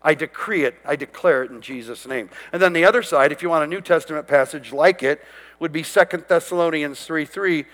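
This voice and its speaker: A man's voice: a little high, brisk, a bit bright, long reverb tail. Emphatic preaching man, raised voice. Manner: emphatic, declaring scripture with rising intensity. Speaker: pastor. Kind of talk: sermon.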